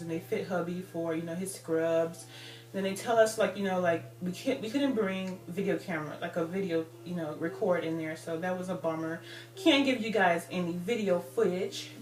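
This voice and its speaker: A woman's voice: on the low side, recorded from a distance. A woman in her thirties telling a personal story in a rambling casual way, full of fillers. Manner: rambling, many "like" and "you know" fillers. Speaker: vlogger. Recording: roomy, off-mic with faint music.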